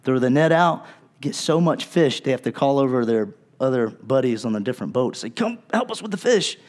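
A male pastor preaching a sermon in a conversational way, acting out the people he quotes and dropping to a low, soft voice for emphasis. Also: lively intonation, brisk. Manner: wide swings in loudness, drops low and soft for emphasis.

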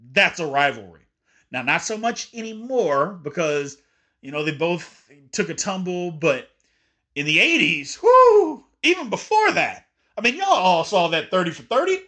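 A man hosting an opinionated sports talk show, high-pitched and swinging widely up and down as he argues his points. His tone is bright and forceful, and he talks emphatically, sometimes slipping into mock voices of fans. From Indiana. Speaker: sports podcast host.

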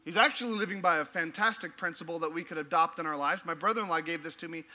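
A man preaching a sermon as pastor, animated and playful, with frequent laughs and asides. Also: a little high, fast. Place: church.

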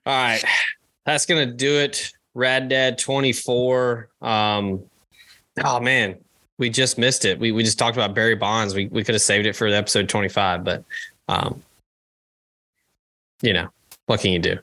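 Low, bright-voiced man chatting casually. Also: steady tone. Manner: joking, swears freely, quick asides. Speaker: podcast co-host. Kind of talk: casual chat.

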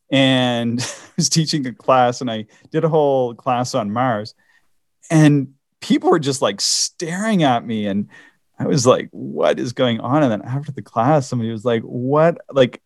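A man's voice: medium pitch, moderate pace, no echo, clean studio sound. A man from the Canadian Maritimes co-hosting a podcast in casual chat, often stopping and restarting his sentences. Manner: hesitant, many restarts and laughs. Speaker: podcast co-host.

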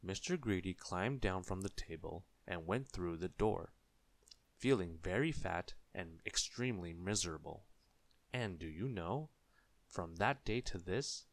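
Deep-voiced man reading a children's story. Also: dry recording. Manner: expressive, asks listeners questions.

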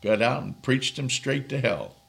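A man's voice: mid-range voice, sing-song. An older man, a minister, preaching and chatting with viewers on a live stream. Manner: slow, gravelly, reads out viewers' names.

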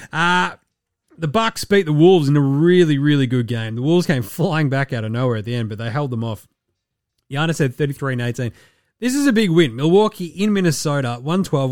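A man's voice: mid-range voice, darkish tone, dry recording. Sweary man on a dry mic. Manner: loose, sweary and joking. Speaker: podcast host. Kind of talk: casual sports commentary.

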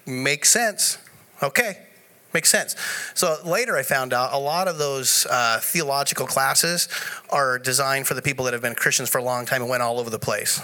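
A man speaking at a conference, telling a personal story in an animated way, often laughing as he goes. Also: medium pitch. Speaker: conference speaker sharing testimony. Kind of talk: live conference talk. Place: conference room before an audience.

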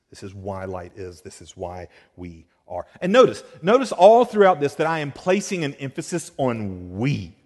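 Man, pastor, sermon, animated preaching, lively pitch, long hall reverb. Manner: animated preaching, swings between soft and emphatic.

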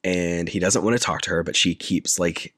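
Podcast host, male, very deep voice, dry close sound, rambling casual recap. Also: moderate pace, no room sound. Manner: retells scenes in deadpan detail, filler-heavy. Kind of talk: casual chat.

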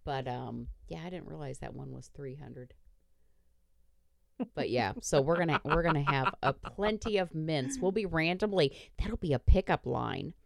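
A woman's voice: sits low, normal speed, creaky. A woman hosting a podcast, chatting casually in a bawdy, self-mocking way and laughing often. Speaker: podcast host. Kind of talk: casual chat.

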